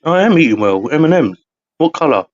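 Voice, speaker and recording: A man's voice: a little high, big pitch swings. Teasing man on a live podcast. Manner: teasing, jokey, quick questions. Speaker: podcast co-host. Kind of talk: casual live podcast chat. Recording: slightly dull lo-fi audio.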